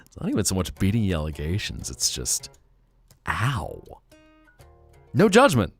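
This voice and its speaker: A man's voice: low-pitched, huge pitch swings, measured pace, creaky, husky. A man streaming live, chatting casually and playfully teasing his viewers as he reacts to chat. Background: faint guitar music.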